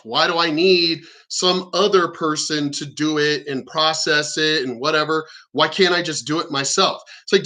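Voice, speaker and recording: A forceful, slightly high-pitched man rants straight to his audience. His delivery is blunt, profane and combative, drifting between stories and complaints. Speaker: vlogger. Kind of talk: ranting storytelling monologue.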